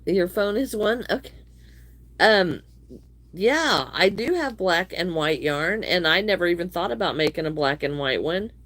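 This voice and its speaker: A middle-aged woman hosts a relaxed crochet livestream. She greets viewers one by one and talks in an unhurried, drawn-out way. Her voice sits a little low and sounds slightly wheezy. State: wheezy from allergies, coughing. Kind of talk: casual livestream chat.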